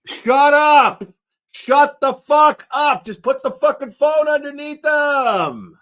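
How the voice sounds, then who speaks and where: A man's voice: high voice, big pitch swings, brisk, exaggerated voice. A man voicing a drunk male conspirator with a New York accent, giving crude, bossy, profane orders. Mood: impatient.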